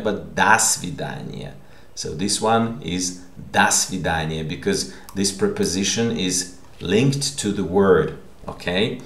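A man teaching a lesson in a slow, patient way, repeating each word and checking in with the listener. His voice is low and gravelly, with a lively, rising and falling pitch. The recording is echoey, as if made in a bare room. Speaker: language teacher.

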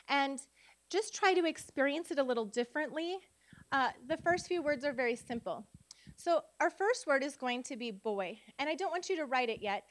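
A woman at a conference workshop who leads the audience through spelling dictation, sounding words out syllable by syllable and asking them questions. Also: high voice. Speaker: literacy teacher and conference speaker. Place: conference room before an audience.

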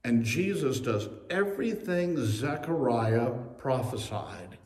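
Male pastor, mid-pitched, preaching with lively storytelling; reverberant church sound from afar. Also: slow, slight background noise. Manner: storytelling, humorous asides, acts out quotes. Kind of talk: sermon. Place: church sanctuary. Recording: echoey church recorded from a distance.

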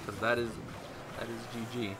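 A man's voice: medium pitch, little pitch movement, moderate pace, background noise. A young man giving rambling, self-mocking live commentary while playing a mobile game. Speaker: gaming YouTuber.

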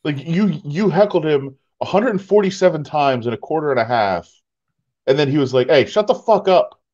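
A man's voice: on the high side, moderate pace, lo-fi sound. A man co-hosting a casual podcast, sarcastic and mocking, acting out what others say. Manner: sarcastic, animated impressions of others. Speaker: podcast co-host. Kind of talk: casual chat.

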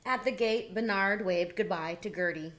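A woman reading a children's picture book aloud in a gentle, unhurried way. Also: mid-range voice, a little hiss or hum. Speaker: storybook reader. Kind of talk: children's story read-aloud.

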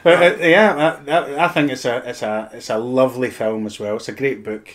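A Scottish actor as a podcast guest, telling lively anecdotes with plenty of swearing. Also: male voice, mid-range voice, brisk. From Scotland. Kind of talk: casual podcast chat.

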